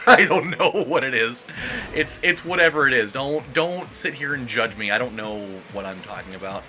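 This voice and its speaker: A man casually rambling as he comments on a racing game, excitable during close moments. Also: medium pitch, moderate pace, faint music behind. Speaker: let's play host. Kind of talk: gameplay commentary.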